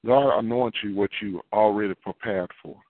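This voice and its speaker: Man, preacher, conversational sermon, repeats himself, low voice, phone-like sound. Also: moderate pace, dry recording. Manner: conversational preaching with repeated phrases and folksy asides. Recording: dry, phone-like narrow sound.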